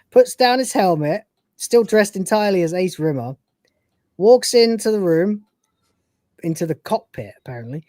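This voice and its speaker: A woman hosting a casual review podcast, retelling scenes in an animated way, laughing and swearing freely. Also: mid-range voice, measured pace, pauses often, dry recording. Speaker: podcast host.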